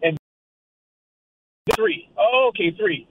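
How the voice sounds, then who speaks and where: A man's voice: high voice, huge pitch swings, slow, slight background noise. A man calling in as a guest, chatting casually and telling long, rambling stories. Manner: rambling, storytelling. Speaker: guest amateur boxer. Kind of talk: casual chat. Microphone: phone line. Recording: tinny phone line.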